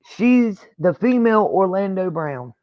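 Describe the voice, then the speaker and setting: A woman's voice: mid-range voice, expressive, a little slow. A woman hosting a reaction channel, chatting in a casual, opinionated way and thinking aloud as she comments on a clip. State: hiccuping. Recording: dull lo-fi sound.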